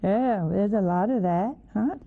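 Gravelly woman preaching over a tinny line. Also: medium pitch, measured pace. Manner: folksy, questioning, chuckling asides. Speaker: religious teacher. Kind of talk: informal sermon. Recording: tinny phone-like old recording.

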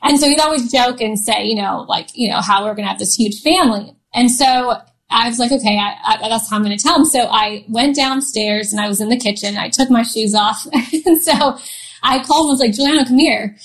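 A woman in her thirties, a guest on a podcast, tells a personal story in a casual interview. She's chatty and laughs often, with lots of fillers and restarts, speaking briskly in a voice on the high side over a rough recording.

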